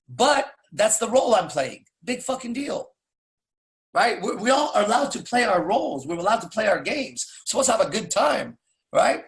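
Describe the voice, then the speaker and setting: A man's voice: high voice, fairly bright tone. A man coaching in a blunt, profane casual monologue, firing off rhetorical questions. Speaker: dating coach.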